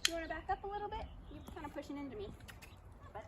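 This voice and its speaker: A woman outdoors in a yard coaxing and praising a dog in a high sing-song voice. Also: big pitch swings, racing, far from the mic. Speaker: training helper. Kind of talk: praising a dog during training. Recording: loud outdoor background noise.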